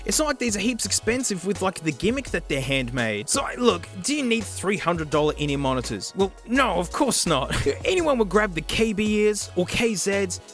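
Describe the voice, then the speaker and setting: A high-pitched Australian man chats his way through a gadget review, cracking jokes and throwing in plenty of slang. Faint music plays softly behind him. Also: moderate pace, hardly any pauses. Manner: jokey, animated, full of Aussie slang. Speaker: YouTube host reviewing gadgets. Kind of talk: casual review chat.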